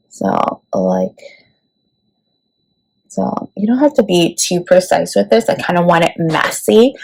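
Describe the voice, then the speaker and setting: Her voice is fairly low and creaky, captured on a low-quality recording. She's a beauty vlogger chatting casually through a makeup tutorial, her speech full of "like" and "let me tell you."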